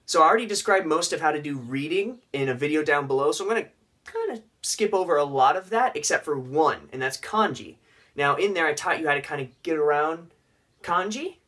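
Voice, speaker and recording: A man's voice: fairly high pitch, sharp tone. A young man casually vlogging tips on learning a language, with joking, rambling asides.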